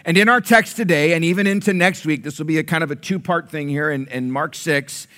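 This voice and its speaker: High, bright-voiced joking pastor. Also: male voice, fairly quick. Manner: playful, conversational, engages the congregation. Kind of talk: sermon.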